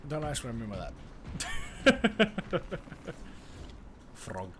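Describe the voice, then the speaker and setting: A man's voice: medium pitch, slow, crowd noise. A young man chatting casually with his live-stream viewers while gaming, joking and swearing freely. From Australia. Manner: animated, joking, swears freely, talks to chat.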